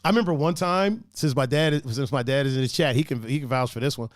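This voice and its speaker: A young man hosting a casual podcast, reading out viewer comments and telling lively stories with acted-out quotes. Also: quick pace, slight background noise. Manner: animated storyteller who acts out quoted voices with big pitch jumps. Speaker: podcast host.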